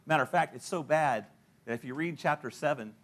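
A man's voice: fairly high pitch, brisk, a bit bright. A middle-aged male pastor preaching a sermon, telling stories and acting out the people he quotes, often laughing at his own points.

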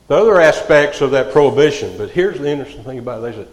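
A man preaching a sermon, swinging from loud outbursts to hushed, quiet lines. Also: medium pitch, very animated, fast, few pauses. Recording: echoey hall, reverb.

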